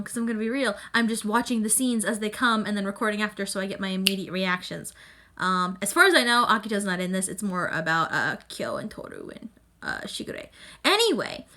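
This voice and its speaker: A young woman with a medium-pitched voice runs a casual anime reaction vlog on her YouTube channel, reviewing an episode. She rambles excitably and emphatically, packing her talk with fillers.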